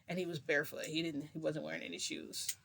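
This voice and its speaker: A woman's voice: low voice, level tone, fast, gravelly, fairly bright tone, a little hiss or hum. A woman vlogger telling a long story in a casual, rambling way, full of fillers and restarts.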